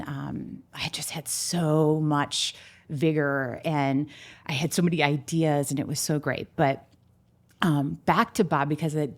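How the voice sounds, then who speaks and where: Guest slot: middle-aged woman exec, low voice, heartfelt storyteller, casual interview talk. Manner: heartfelt storytelling, animated pitch swings. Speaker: guest, restaurant marketing executive.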